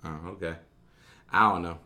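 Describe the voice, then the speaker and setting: A man's voice: sits low, fairly even intonation, normal speed, bright, forceful tone. A man co-hosting a casual chat, profane, rambling and argumentative. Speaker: podcast co-host.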